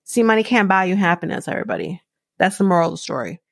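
A woman's voice: on the low side, sing-song, quick pace, creaky, no echo, clean studio sound. Blunt, profane woman ranting. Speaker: podcast host recapping a reality show. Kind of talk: casual solo recap.

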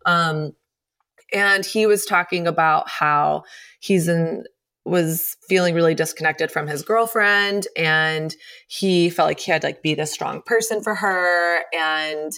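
A woman's voice: deep voice, a bit bright. A woman hosting an interview, talking candidly and chattily and laughing easily. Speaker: podcast host. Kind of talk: casual interview chat.

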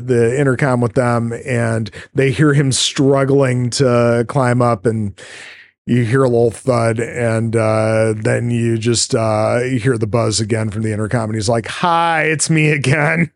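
A man's voice: mid-range voice, little pitch movement, unhurried, a little mellow, no echo, studio quality. A man hosting a podcast, rambling through a casual film recap with many fillers and the odd swear word. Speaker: podcast host.

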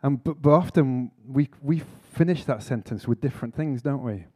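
A man's voice: mid-range voice, normal speed, dark tone, breathy edge. A man giving a conference sermon, telling a story earnestly with self-mocking humour. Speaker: speaker at a church conference. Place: conference hall talk.

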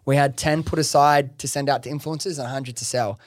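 A young man in the guest chair of his own podcast recounts his story in a lively, slangy way, swearing freely and scattering fillers. His voice sits at an ordinary middle pitch. It is recorded close and dry, with no room sound. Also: a little fast, no echo. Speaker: podcast host interviewed as guest, business founder. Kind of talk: casual interview storytelling.

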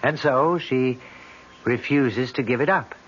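A wry, measured cousin, middle pitch, 1970s radio play, dull broadcast with faint hiss. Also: male voice, a bit bright. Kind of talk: 1970s radio drama acting.

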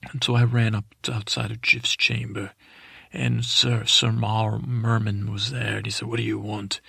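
Guy with a gravelly husky voice, wandering bedtime story, keeps restarting, dry close mic. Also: fairly low pitch, flat delivery, bright, forceful tone, dry recording. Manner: meandering, halting, full of restarts and fillers. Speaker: podcast host. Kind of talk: rambling sleep story narration.

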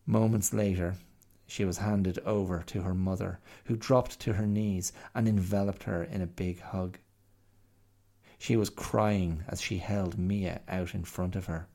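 A man reading a bedtime-style story with a deep, gravelly voice and a gentle, unhurried delivery. His tone is dark and mellow, and it moves around a great deal between lines. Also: fairly even intonation. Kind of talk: storybook narration.

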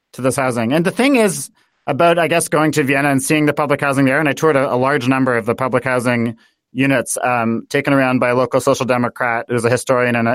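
An American guest author appears in a political interview, speaking at a medium pitch in an animated way. He thinks aloud and fills his speech with many fillers. The recording is dry.

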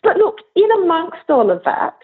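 A woman recalling her time in a band in a slow, reflective interview, pausing and restarting as she thinks. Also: very high voice, very animated. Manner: slow, thoughtful, with pauses and restarts. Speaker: interviewee, former bandmate. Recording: phone-like narrow line.

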